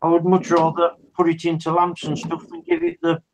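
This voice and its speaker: A man's voice: a little high, completely flat delivery, a little fast, background noise. A man chatting casually on a live online hangout with brief, offhand remarks. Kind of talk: casual chat.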